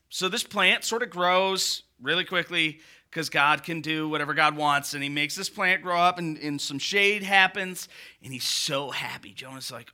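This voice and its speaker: A male pastor preaching a sermon in an animated, conversational way with rising emphasis. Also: a little high.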